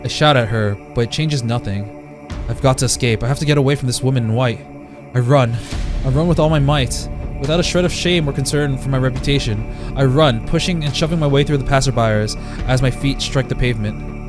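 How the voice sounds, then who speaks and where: A man's voice: medium pitch, fairly quick. A man reading a visual novel aloud in a dramatic voice, breaking off with laughing reactions, game music behind him. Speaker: let's play streamer.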